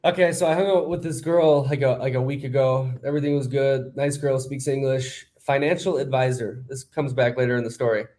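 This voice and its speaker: A man's voice: mid-range voice, steady tone, fairly quick, hardly any pauses, a little mellow, slight background noise. A man co-hosting a podcast, telling a long story in a rambling, casual way with lots of fillers. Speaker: podcast co-host.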